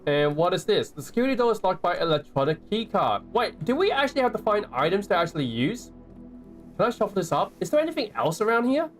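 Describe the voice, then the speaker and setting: A young man with an Australian accent, talking over a live gameplay stream in a high, bouncy voice that swings up and down. He banters with his viewers and reads the game's notes out loud. Faint music plays behind him. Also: very animated, quick pace. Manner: chatty, playful, reading game notes aloud and chatting to viewers.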